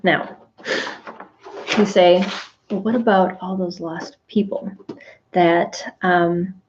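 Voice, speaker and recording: An earnest woman gives a devotional Bible teaching at an unhurried, slow pace. She reflects as she goes and pauses often to find her words. The recording is slightly dull and lo-fi. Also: on the low side, steady tone, noisy background. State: briefly emotional.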